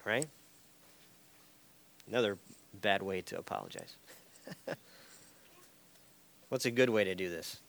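A man's voice: on the low side, huge pitch swings, slow, vocal fry, pauses often, a bit bright. A man teaching an interactive Bible study class in a church room. He tags his points with "right?" and light chuckles.

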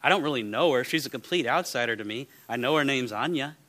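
Guy preaching, bright forceful voice, lots of rhetorical questions, goes loud then quiet. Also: medium pitch, animated, fast. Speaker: pastor. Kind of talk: sermon.

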